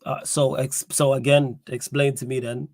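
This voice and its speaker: A man hosting a casual football livestream, reading chat messages and pressing his co-host with pointed questions in lively street slang. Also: medium pitch, normal speed, no echo, clean studio sound.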